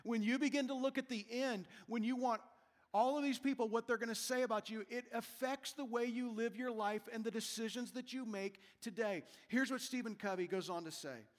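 Male pastor, high voice, earnest sermon, reverberant church hall. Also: brisk. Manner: earnest, emphatic preaching with rhetorical questions. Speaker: senior pastor.

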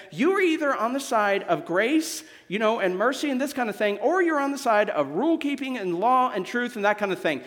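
A young adult man from Missouri preaching a sermon as a guest speaker, animated and joking with the congregation. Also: very high voice, big-room sound. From Missouri, USA. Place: church sanctuary.

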